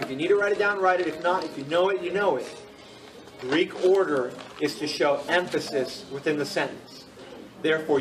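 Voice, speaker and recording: Teacher, fairly high voice, patient and repetitive, recorded from across the room. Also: male voice, distant mic, poor audio. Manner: patient, repeats key points, checks in with students. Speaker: Greek teacher. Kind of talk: classroom teaching. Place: classroom.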